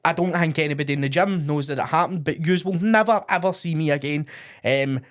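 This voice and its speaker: A man's voice: fairly high pitch, brisk. A young Scottish man co-hosting a podcast, telling embarrassing stories in a sweary, laughing way and saying "mate" a lot. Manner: sweary, laughing storyteller who says "mate" often. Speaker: podcast co-host. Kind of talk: casual storytelling chat.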